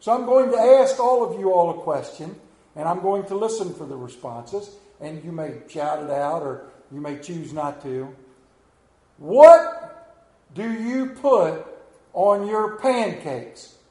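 Middle-aged Appalachian pastor, high-pitched man, joking folksy sermon, roomy church echo. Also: moderate pace, dark tone. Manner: folksy, joking storyteller who questions the congregation. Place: church sanctuary.

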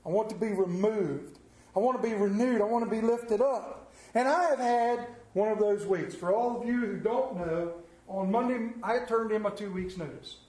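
A man with a high voice preaches a conversational sermon, spinning folksy, humorous stories. The sound carries a roomy church echo. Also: moderate pace, darkish tone. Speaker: lay preacher. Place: church sanctuary.

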